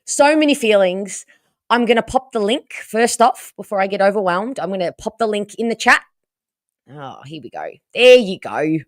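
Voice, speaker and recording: An Australian woman hosting a casual livestream, hoarse from losing her voice and chatting with viewers about the game. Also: medium pitch, normal speed, dry recording, studio quality. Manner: chatty and animated, reading out viewer comments. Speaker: livestream host.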